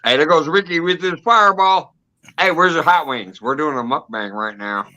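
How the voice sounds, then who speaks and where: A man's voice: on the high side, normal speed, bright, forceful tone. A man hosting a casual live stream, chatting and greeting viewers by name with easy laughter. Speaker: host. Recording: dull lo-fi stream audio.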